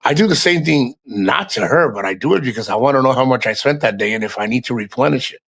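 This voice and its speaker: A man's voice: medium pitch, lively intonation, fast talker, a bit bright. A man hosting a casual livestream, talking frankly to his chat, swearing often and rambling through asides. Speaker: livestream host.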